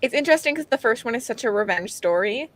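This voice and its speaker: A woman's voice: a little high, animated, fast talker. A woman from Canada hosting a casual live reading stream over a video call, talking in a chatty, hesitant way with lots of fillers and restarts. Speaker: host.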